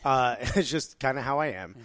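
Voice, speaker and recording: A man's voice: mid-range voice, expressive, moderate pace, fairly bright tone, no room sound. A man from New Jersey co-hosting a podcast, blunt and heated in casual chat, swearing freely. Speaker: podcast co-host.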